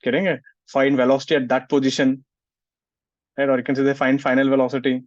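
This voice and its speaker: A man's voice: mid-range voice, level tone, quick pace, no room sound. A male physics teacher, lecturing a class and scolding students who don't listen. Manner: scolds students, asks "getting it?" often. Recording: muffled, dry sound.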